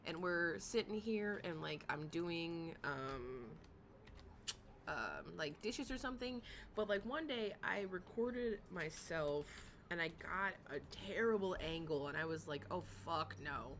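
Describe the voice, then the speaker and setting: A woman streamer chatting casually with her live chat, talking in a loose way full of likes and quick laughs. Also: on the low side, expressive, a bit bright, a little hiss or hum. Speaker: streamer reacting to a livestream.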